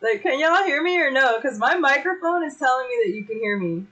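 A woman hosting a casual livestream, chatty and excitable, swearing freely as she talks. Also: high-pitched, brisk, dull audio. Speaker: livestream host.

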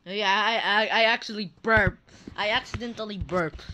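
Bright-voiced young woman gaming commentary. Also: mid-range voice, moderate pace, slight background noise. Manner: playful, teasing, laughing often. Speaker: gaming channel host. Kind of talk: Roblox gameplay commentary.

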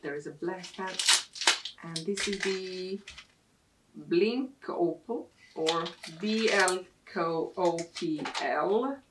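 A woman vlogger from Sweden chatting casually and excitedly as she unboxes beauty products. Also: fairly low pitch, slow pace. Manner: excitable, gushing over products. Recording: distant mic with clear background noise.

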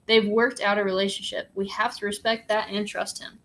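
A woman voicing a gentle father who speaks softly and haltingly in a storybook reading. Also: mid-range voice, little pitch movement, natural voice. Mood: tender. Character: gentle, quietly emotional father.

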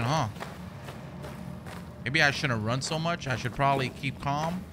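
A young man commenting on a horror game as he plays, swearing often and breaking into loud outbursts. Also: medium pitch, measured pace, over music. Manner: profane, reactive, loud outbursts. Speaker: gaming commentator. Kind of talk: let's play commentary.

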